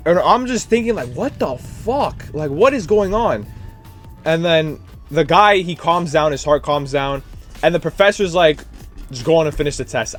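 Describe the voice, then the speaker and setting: A young man, a student teacher, telling a rambling, animated story in a casual vlog, full of fillers and worn out from his day. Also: a little high. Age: young adult. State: tired, drained.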